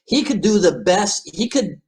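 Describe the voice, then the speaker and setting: A male podcast host leads a relaxed conversation with a guest. He talks at an unhurried pace, and his pitch rises and falls in a lively way. He often restarts his sentences and fills the pauses with quick yeahs. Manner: animated, halting restarts, frequent backchannel. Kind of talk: casual interview conversation.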